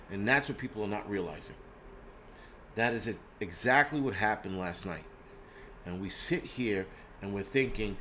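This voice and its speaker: A man's voice: fairly low pitch, bright, forceful tone, a little hiss or hum. A man from the United States hosting his own channel, talking bluntly in a profane, rambling rant. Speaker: channel host. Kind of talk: casual livestream rant.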